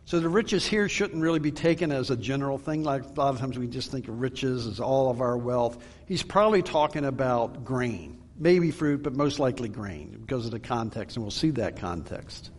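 A man preaching a Bible-teaching sermon, earnest and emphatic, slowing down for scripture readings. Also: medium pitch, animated, slightly rough, in a large hall. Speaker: pastor.

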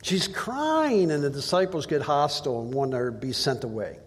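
A man gives a Bible teaching in an easy, conversational way. He reads passages aloud and keeps asking his listeners rhetorical questions. His voice sits a little high, and it carries a long reverb as if he is speaking in a large hall. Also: expressive, normal speed, husky.

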